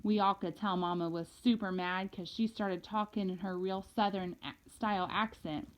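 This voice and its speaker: A woman reading a first-person novel aloud in a lively, casual storytelling manner. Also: mid-range voice, normal speed. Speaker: audiobook reader. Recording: dull lo-fi recording.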